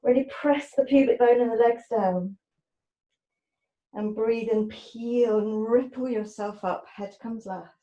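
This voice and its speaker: Slow, soft-spoken woman yoga teacher. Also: on the high side, steady tone, echoey room, highs cut off. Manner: slow, soft-spoken cueing of breath and movement. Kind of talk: guided yoga class instruction.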